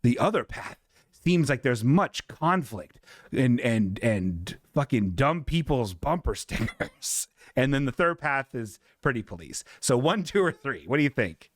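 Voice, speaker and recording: A man's voice: medium pitch, sing-song, measured pace, no room sound, clean studio sound. A man hosting a live comedy stream, rambling loosely in casual chat, cursing freely and laughing at his own jokes.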